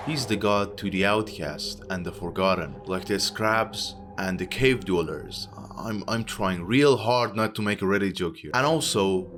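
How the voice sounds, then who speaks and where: A young man giving casual game commentary in a rambling, sardonic way with jokey asides. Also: mid-range voice. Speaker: video game YouTuber.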